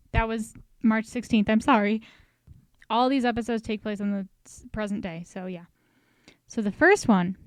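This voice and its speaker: A woman talks through a story recap in a loose, chatty way, tossing in joking asides as she goes. Her voice is smooth and clear at a middle pitch. The sound is dry and close, with no room echo. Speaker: recap host. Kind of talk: casual story recap commentary.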